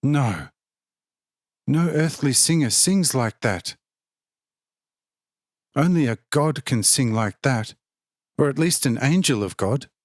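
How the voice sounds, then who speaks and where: Awestruck excitable man, as read by a male narrator, exclaims high and eager, dry close sound. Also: moderate pace, dry recording. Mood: enthusiastic.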